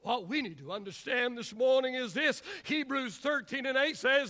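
A man preaching a sermon as pastor, with a repetitive, rhythmic cadence that swells to shouts and drops into drawn-out pauses. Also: very high-pitched.

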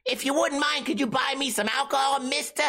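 A man's voice: very high voice, a little fast, sharp tone, pitched above the performer's own voice. A man putting on the voice of a polite old-timey underage boy who pleads with a stranger to buy him beer. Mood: pleading. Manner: pleading, overly polite, sing-song.

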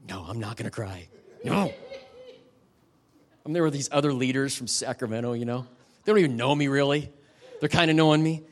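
A middle-aged man preaches as a guest at a church, speaking at an ordinary, middle pitch. He talks plainly and personally, with an open emotional tone and frequent asides to the listeners. His sermon is conversational, not formal. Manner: personal storytelling, emotional and candid, quick asides to the audience. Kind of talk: conversational sermon ending in prayer. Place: church service.

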